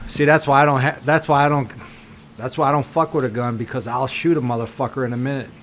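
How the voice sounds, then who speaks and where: A man's voice: mid-range voice, level tone, fast, fairly bright tone, slight background noise. A man co-hosting a casual podcast, chiming in with blunt, profane commentary and tough-talking asides. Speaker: podcast co-host. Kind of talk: casual chat.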